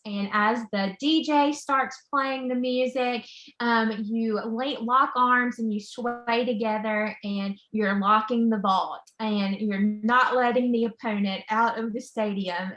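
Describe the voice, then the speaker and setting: A woman's voice: fairly high pitch, a bit bright. A woman who works as a college admissions counselor, giving an upbeat, enthusiastic presentation over a video call with the odd "um" along the way. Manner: upbeat and enthusiastic, with frequent "um" fillers. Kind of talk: informational presentation. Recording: echoey room.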